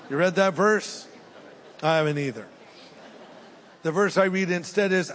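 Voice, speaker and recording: Older male pastor, sermon and closing prayer, slightly high voice, earnest delivery, long hall reverb. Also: lively intonation, moderate pace, long pauses. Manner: earnest, dynamic swings from loud urging to hushed prayer. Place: large church auditorium with live audience.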